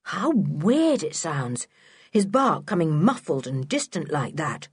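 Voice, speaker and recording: A woman's voice: deep voice, sing-song, takes it slowly, husky, dry recording, clean studio sound, full character voice. A woman reading a storybook, voicing a polite, sensible older boy who talks cheerfully.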